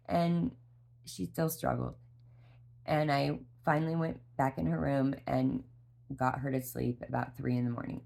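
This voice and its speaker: A woman's voice: low voice, fairly even intonation, moderate pace, creaky, a little mellow. A worn-out woman, a mother, telling a personal story in a candid vlog. She rambles in a heartfelt way, with restarts and fillers. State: exhausted. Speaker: mother sharing a parenting story.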